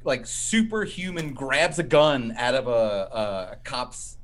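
A man casually recapping a horror film with friends, excitable and acting out lines. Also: slow. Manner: excitable, acts out lines with big pitch jumps. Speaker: podcast co-host.

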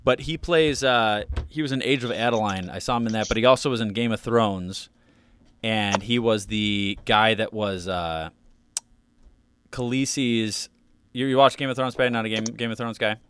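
A man's voice: fairly low pitch, normal speed, fairly bright tone, clear, resonant tone. A man co-hosting a casual podcast, rambling through topics with lots of fillers and restarts. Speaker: podcast co-host.

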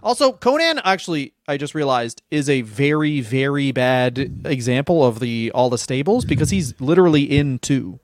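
A man co-hosting a comedy podcast, recapping stories in quick joking bursts and laughing often. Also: medium pitch, animated, no echo. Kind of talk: casual comedic chat, recapping wrestling history.

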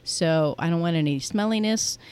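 A man on a podcast who speaks hesitantly, with many halting fillers. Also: on the high side, darkish tone, smooth. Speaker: podcast guest. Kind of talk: casual comedy chat.

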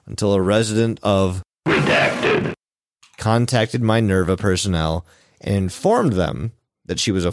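A man's voice: lowish voice, no echo, studio quality. A man hosting a casual podcast chat, loose and profane, with many filler words. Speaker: podcast host.

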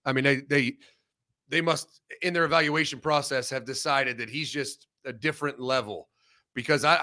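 Blunt, bright-voiced sports guest. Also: male voice, mid-range voice. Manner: blunt, heavy swearing, opinionated. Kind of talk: casual sports talk.

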